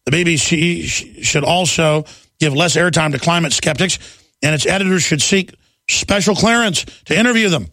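A man hosting a talk radio show, ranting in a fast, combative way and slipping into mocking impressions. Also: a little high, sharp tone, dry recording. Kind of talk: heated political talk radio monologue.

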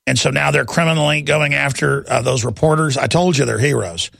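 A man's voice: mid-range voice, fairly quick, gravelly, a bit bright, no echo, studio quality. A man hosting a talk radio show, ranting heatedly from one news item to the next and mocking his critics. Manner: heated, ranting, jumps between news items; mocks opponents in put-on voices.

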